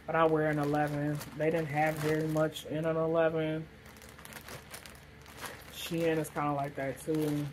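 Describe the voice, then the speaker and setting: Casual woman vlogger with a deep, slow delivery, rambling through her haul over faint background hiss. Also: level tone, rough recording. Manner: chatty, rambling, lots of fillers. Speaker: vlogger showing a shopping haul. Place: hot room with a fan blowing.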